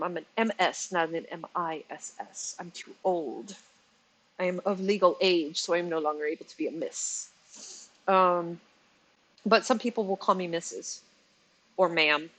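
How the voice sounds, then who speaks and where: This commentary channel host, a woman in her 40s, talks in a lowish, bright, forceful voice on a low-quality recording. Her vlog is casual and chatty, with exasperation, plenty of laughter, and self-corrections whenever she trips over words.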